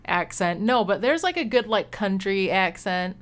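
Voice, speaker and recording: A woman in her thirties talks in a loose, casual way as a podcast co-host. Her pitch sits in an ordinary middle range. She tells stories bluntly and swears often. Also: expressive, moderate pace. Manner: blunt, profane storytelling. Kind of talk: casual chat.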